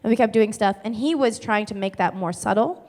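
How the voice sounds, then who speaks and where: A Canadian woman comedian, in character, answers audience questions at a stage Q&A using a cartoonish transatlantic accent, breathy and low in the mouth, from the chest. She explains animatedly and fairly quickly with lots of filler "like"s, and the theater hall is reverberant.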